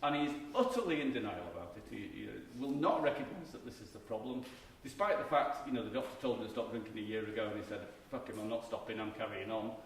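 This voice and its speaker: Speaking fast with lively intonation and hardly any pauses, a middle-aged man presents a conference keynote as a marketing professor. His medium-pitched delivery is conversational and emphatic, with frequent restarts. The audio carries hall echo and a faint background hum of noise.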